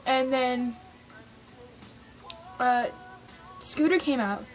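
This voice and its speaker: A woman with a high, bright-sounding voice tells a story for her vlog in a gushing, excitable rush, reenacting her own squeals. Faint music plays softly behind her. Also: drawn-out words, low-quality recording. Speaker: vlogger recounting a concert.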